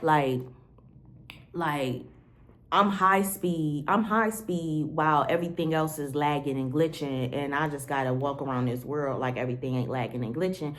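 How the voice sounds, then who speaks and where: Speaking at a moderate pace in a low-sitting voice, this woman vlogger rambles candidly to the camera like a diary entry, peppering it with "like" and casual swearing.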